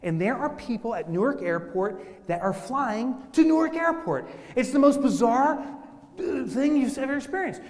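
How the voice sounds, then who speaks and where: A man telling funny stories as a business speaker in a keynote talk, animated and playful. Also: very high voice, moderate pace. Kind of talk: humorous keynote storytelling. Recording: long hall reverb.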